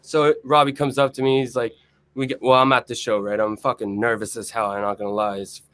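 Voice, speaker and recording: A young man telling a story on a podcast as a guest musician, profane, excited and rambling. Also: medium pitch, brisk. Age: young adult. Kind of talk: casual chat, storytelling. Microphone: video or remote mic, quiet at first.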